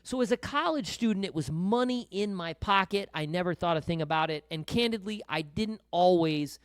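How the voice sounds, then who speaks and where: A middle-aged man hosts a financial podcast in a relaxed, conversational way, breaking in to sum things up and sharing stories from his own life. His voice sits a little high for a man. The studio sound is dry and close. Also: normal speed, clear, resonant tone, no room sound. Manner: conversational, anecdotal, interjecting to summarize. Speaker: podcast host. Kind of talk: casual financial podcast chat.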